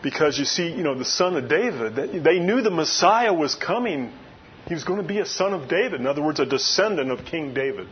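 A man's voice: a little high, animated, a little fast, highs cut off, a little hiss or hum. A man preaching a sermon, retelling a story in a loose, conversational way with frequent asides. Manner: conversational storytelling with many "you know" asides. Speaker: pastor.

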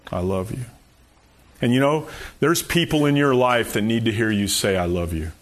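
A man giving a sermon at an ordinary middle pitch. He talks to the congregation in a relaxed, folksy way, as if chatting with them, and chuckles now and then. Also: moderate pace. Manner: conversational, folksy, with frequent "you know" and chuckles. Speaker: pastor.

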